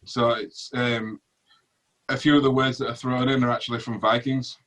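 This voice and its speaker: A man with a Yorkshire accent, chatting as a guest on a video call, rambling and hesitant with many pauses and digressions. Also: mid-range voice, level tone, fairly bright tone, poor audio. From Yorkshire, England. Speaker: magician guest.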